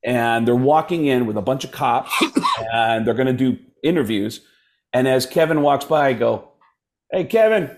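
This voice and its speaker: Animated storytelling comedian, man. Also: medium pitch, normal speed, background noise. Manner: animated, slips into impressions of others. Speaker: comedian guest. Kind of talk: casual storytelling.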